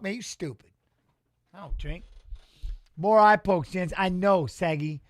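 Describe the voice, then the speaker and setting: A middle-aged man doing live-stream watch-along commentary on a fight, excitable and rambling, talking back to his chat. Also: sits high, measured pace, dry recording.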